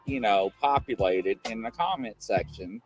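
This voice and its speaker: A man hosting a live show, telling stories in a rambling, animated way. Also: fairly low pitch, normal speed, soft background music. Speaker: livestream show host. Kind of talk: casual live-show chat.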